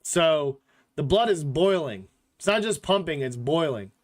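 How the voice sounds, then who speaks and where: High-voiced, rambling male podcast host. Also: lively intonation, unhurried. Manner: rambling, filler-heavy talk with frequent "like" and "literally"; blunt, joking opinions. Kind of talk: casual sports podcast chat.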